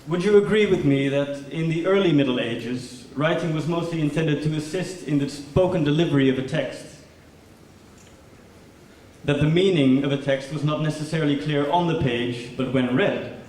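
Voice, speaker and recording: A performance speaker delivers a lecture built entirely from questions in a large lecture hall, his intonation rising on each one. His voice is fairly high and a little mellow, at a moderate pace. The recording is echoey and distant, with faint noise.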